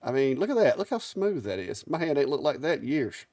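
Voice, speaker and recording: A man's voice: mid-range voice, big pitch swings, fairly quick, darkish tone, no room sound. Easygoing Alabama-accented man, dry sound. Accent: Southern US, Alabama. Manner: easygoing drawl, stumbles over names. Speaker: live show co-host. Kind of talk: casual live-stream chat.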